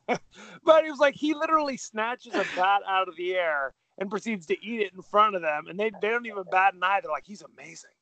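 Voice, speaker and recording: A man's voice: high-pitched, animated, normal speed, bright, forceful tone. A man co-hosting a podcast in casual chat, joking and rambling with a self-deprecating manner. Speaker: podcast co-host.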